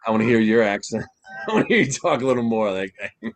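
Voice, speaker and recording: A man's voice: medium pitch, expressive, fast talker, faint music behind. A man asking curious questions and chiming in on a casual group video call. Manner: curious, laughing interjections.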